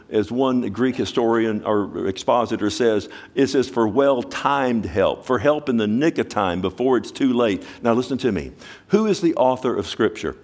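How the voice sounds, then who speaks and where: A man preaching a sermon as a pastor, asking his congregation questions and swinging from loud exclamation to hushed, slow emphasis. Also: on the low side.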